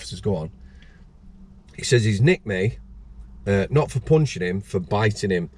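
Rambling, low-voiced storyteller. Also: male voice, lively intonation, moderate pace, pauses often, a little mellow, breathy edge. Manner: rambling anecdotes, acts out voices, frequent restarts. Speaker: former prison officer, podcast host. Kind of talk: casual storytelling chat.

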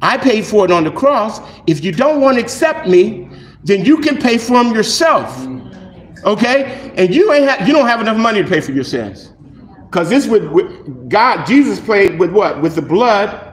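A male pastor preaching a sermon in an animated, conversational way, acting out little dialogues. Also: sits high, normal speed, roomy sound. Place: church.

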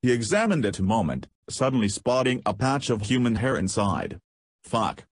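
A man's voice: mid-range voice, very animated, fairly quick, husky, no room sound. A man narrating an audiobook, reading in a scripted way and voicing punctuation marks aloud.

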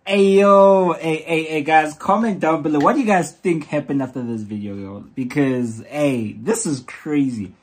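A man hosting a reaction video, talking in an excited, repetitive way and urging viewers to comment. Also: fairly high pitch, normal speed, few pauses. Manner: excited, repeats "yo" and "comment down below".

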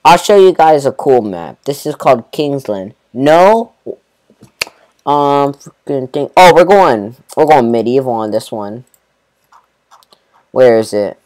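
A man giving casual commentary on a game as he plays. He rambles, fills gaps with "you know" and "bro", mumbles some asides and gets loud when excited. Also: mid-range voice, slow, pauses often, rough recording. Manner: rambling, laid-back, full of fillers like "you know" and "bro"; swings between mumbled asides and excited bursts. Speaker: gameplay commentator. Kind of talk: casual let's-play commentary.

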